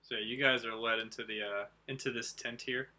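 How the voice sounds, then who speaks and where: A man's voice: medium pitch, steady tone, normal speed, sharp tone. A man narrating as game master for a tabletop game played online, with a hesitant delivery and many fillers.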